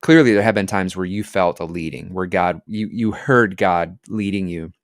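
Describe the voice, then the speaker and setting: A man's voice: low voice, normal speed, no echo, studio quality. A man hosting an interview, asking thoughtful, searching questions. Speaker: podcast host.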